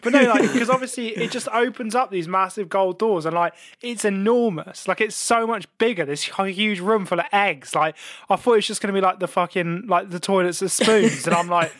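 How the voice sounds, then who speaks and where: A man with a notably high voice tells a story on a casual podcast. He is animated and laughs through his words, and he swears freely. The sound is close and dry. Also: a little fast, hardly any pauses, no echo. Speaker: podcast co-host.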